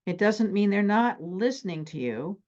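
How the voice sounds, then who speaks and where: A middle-aged woman therapist teaching relationship skills and acting out stories from her life in an animated, extroverted way. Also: mid-range voice, moderate pace, highs cut off. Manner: animated, extroverted, acts out anecdotes.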